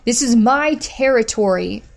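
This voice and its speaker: A woman's voice: a little high, lively intonation, measured pace, pitched above the performer's own voice. A woman voicing a hostile, foul-mouthed young woman who commands dogs and speaks with harsh contempt, in a storybook reading.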